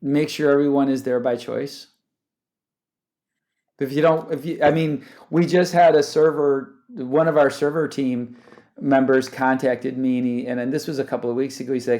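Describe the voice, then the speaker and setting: A man's voice: medium pitch, moderate pace. Chatty man answering interview questions. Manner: animated, self-interrupting, laughs often. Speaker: guest, startup founder. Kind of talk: conversational interview.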